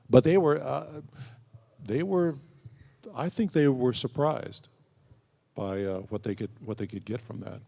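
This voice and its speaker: A man's voice: on the low side, gravelly, darkish tone. A man answering fan questions as a convention panel guest, telling anecdotes and acting out quoted dialogue. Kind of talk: storytelling Q&A answers. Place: large convention hall. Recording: long hall reverb.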